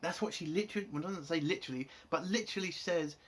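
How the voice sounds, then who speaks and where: A man with a somewhat high voice rants through an episode review. He is exasperated and sarcastic and swears constantly as he picks apart the plot. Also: quick pace, a bit bright, breathy edge. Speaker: TV show reviewer.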